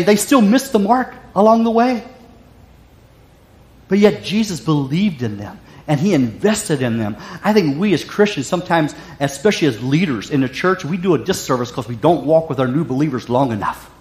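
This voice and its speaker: A male pastor delivers a sermon, pressing points through repetition and restarts. His voice sits high for a man. The recording carries a roomy echo. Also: animated, a little fast. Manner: emphatic, repeats phrases, frequent restarts.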